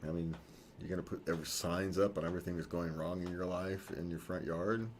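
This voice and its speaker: Guy with a low voice just chatting, rambly, laughs at himself, bit of hiss in the background. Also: fairly even intonation, fairly quick. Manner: rambling, self-correcting, chuckles often. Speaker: podcast co-host. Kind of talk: casual chat.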